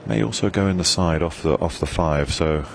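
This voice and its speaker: A man giving relaxed, chatty live commentary on a pool match. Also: low voice, fairly quick, vocal fry, noisy background.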